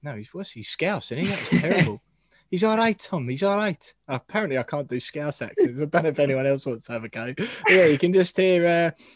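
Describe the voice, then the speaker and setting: A man's voice: on the high side, animated, fast talker, no echo. Male podcast host, casual and self-mocking, dry close mic. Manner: chatty, laughs often, self-mocking. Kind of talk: casual football chat.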